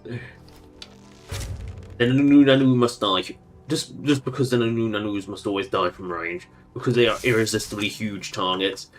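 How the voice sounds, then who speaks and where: A man's voice: medium pitch, moderate pace, fairly bright tone, faint music behind. A man giving playful, rambling gameplay commentary on a livestream. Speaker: streamer.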